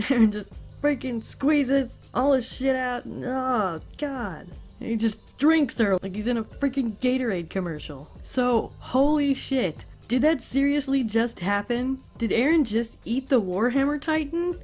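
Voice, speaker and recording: A woman's voice: mid-range voice, moderate pace, soft background music. A woman hosting a casual review, recapping animatedly with frequent laughs and swearing. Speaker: host.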